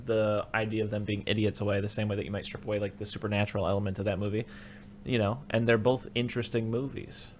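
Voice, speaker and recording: A man's voice: on the low side, fast talker. Man, podcast host, casual movie chat, acts out lines, faint background noise. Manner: animated, acts out characters' lines in raised voices.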